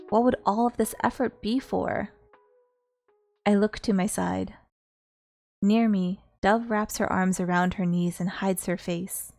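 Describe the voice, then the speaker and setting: Slow, earnest woman streamer reading aloud. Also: mid-range voice, a little mellow.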